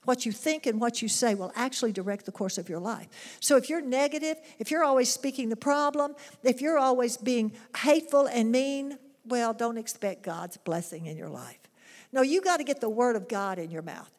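A woman delivers a sermon, earnest and emphatic, asking her listeners rhetorical questions. Her voice sits fairly high. A long reverb trails her words as in a large hall. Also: animated, normal speed. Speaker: preacher.

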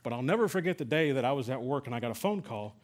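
A man's voice: mid-range voice, lively intonation, racing. A middle-aged man from Texas preaching a sermon, telling a personal story in a conversational way with many fillers and restarts. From San Antonio, Texas. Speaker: pastor.

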